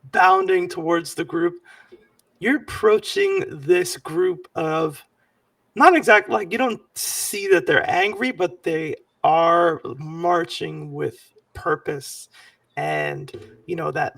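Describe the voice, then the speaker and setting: A man running a tabletop game as game master, talking in an animated, halting way with many fillers. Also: on the high side, gravelly, dry recording, distant mic.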